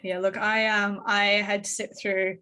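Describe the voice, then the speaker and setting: A woman's voice: mid-range voice, level tone, measured pace, pushed and bright. A woman with an Australian accent hosting a virtual tasting, chatty with many fillers. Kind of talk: casual hosting chat. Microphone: video call.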